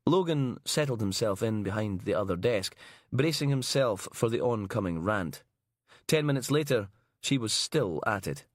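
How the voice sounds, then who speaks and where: A man reading a crime audiobook in a measured, even narration style on a close mic. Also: on the low side, no room sound.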